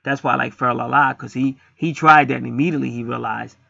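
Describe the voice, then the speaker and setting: A man's voice: mid-range voice, steady tone, quick pace, gravelly, pushed and bright, dry recording, highs cut off. A middle-aged man acting as a spiritual reader, talking bluntly in a casual streetwise monologue and swearing freely.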